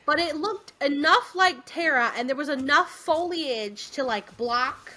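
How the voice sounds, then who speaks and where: A young adult woman co-hosting a podcast, chatting casually and retelling scenes in an animated, giggly way. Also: high voice, measured pace. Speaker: podcast co-host. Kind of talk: casual chat.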